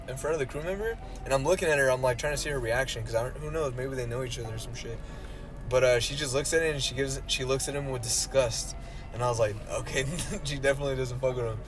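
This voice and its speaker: Young guy rambling thru a story real fast, swears a lot, music going in the back. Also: medium pitch. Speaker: podcast co-host. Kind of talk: casual chat.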